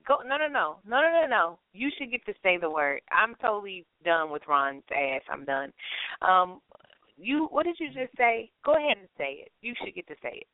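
A woman's voice: mid-range voice, sing-song, normal speed, dry recording. A woman hosting a casual talk show, teasing and bossily prodding her guests to speak. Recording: tinny dry phone-line sound.

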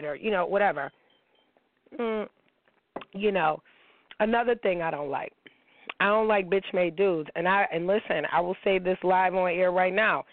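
A woman's voice: medium pitch, moderate pace, no echo. A woman radio host in her thirties talking bluntly and profanely in a candid, sassy monologue. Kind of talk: candid casual talk monologue. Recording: dry tinny phone-like radio sound.

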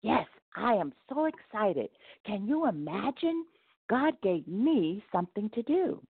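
A woman's voice: medium pitch, very animated, normal speed, dry recording, pitched above the performer's own voice. A woman voicing an earnest, emotional man hauling a heavy wagon in a storybook tale, pleading as he talks. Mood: eager. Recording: tinny phone-like dry sound.

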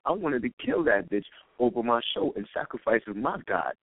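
A man's voice: medium pitch, big pitch swings, brisk, no room sound. A man calling in to an internet radio show, talking in a profane, rambling, heated rant. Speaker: caller. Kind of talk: call-in radio talk. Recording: dry tinny phone line.

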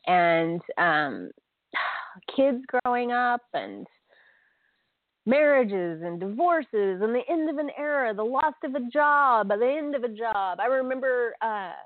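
A woman's voice: on the high side, big pitch swings, slow, no room sound. A middle-aged woman talks through a casual solo podcast episode. She is chatty and emotional, breaking into laughs and filling gaps with ums. The sound is tinny and phone-like, with a dry, close feel. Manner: emotional, chatty, laughs often, many fillers. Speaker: podcast host.

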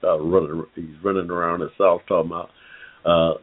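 Deep-voiced guy hosting an online talk show over a tinny phone line, lots of uhs. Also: steady tone, fairly quick. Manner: rambling, frequent "uh" fillers, addresses listeners as "y'all". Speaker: online forum host. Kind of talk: casual talk-show commentary.

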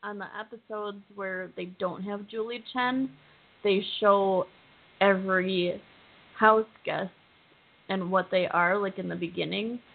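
A woman's voice: medium pitch, steady tone, unhurried, vocal fry. A woman co-hosting a podcast, chatting casually and bluntly. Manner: blunt, dismissive. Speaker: podcast co-host. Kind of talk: casual chat recapping a reality show. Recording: tinny phone-like line.

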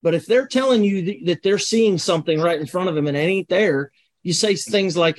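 A man's voice: high voice, fairly quick, no echo. A man speaking as a guest in a casual panel discussion, direct and emphatic when he makes his points. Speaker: panel guest, fire officer.

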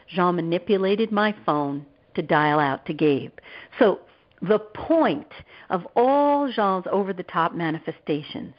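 Lively storytelling woman, low voice. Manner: animated storytelling, acting out quoted voices. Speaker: guest author and therapist. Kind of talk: storytelling interview. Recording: dull lo-fi audio.

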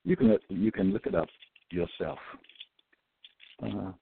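A man giving a halting religious teaching, full of fillers and restarts, who slows down and stresses each word when he quotes scripture. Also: low voice, vocal fry, a little hiss or hum. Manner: emphatic, drawn-out scripture quoting. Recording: tinny phone-line audio, dry.

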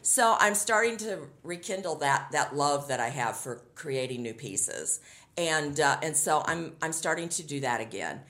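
A woman's voice: deep voice, expressive, normal speed, fairly bright tone, echoey room. A middle-aged woman talking casually as an interview guest, upbeat and chatty, often laughing as she tells stories.

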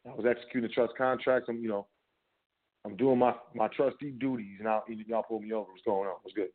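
A man's voice: lowish voice, fairly even intonation, brisk. Emphatic man over phone-like audio. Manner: conversational and emphatic, with repeated filler phrases. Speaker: podcast host. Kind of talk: casual instructional talk. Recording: phone-like narrow band audio.

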